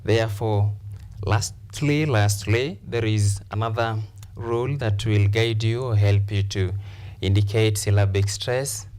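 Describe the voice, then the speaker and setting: A man's voice: fairly low pitch, fairly even intonation, measured pace, darkish tone. A man teaching English on a TV lesson, repeating key phrases and counting syllables aloud. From Kenya. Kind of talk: TV lesson, slow repetitive explanation. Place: TV classroom studio.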